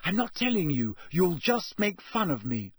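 This is a clever, bossy schoolgirl from a storybook, put on by a man reading aloud. She talks quickly and scolds lightly, set a little higher than his usual voice. The voice is slightly husky. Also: big pitch swings, no room sound, exaggerated voice. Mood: brisk.

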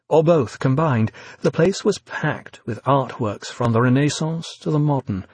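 Husky male audiobook narrator. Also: medium pitch, dry recording. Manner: measured, descriptive storytelling.

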